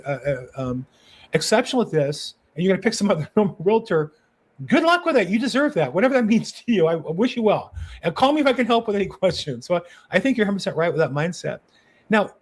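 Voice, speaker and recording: A man hosts a conversational interview over a video call, chatty and quick to agree. He laughs easily and tells personal stories. His voice sits slightly high. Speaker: interview host.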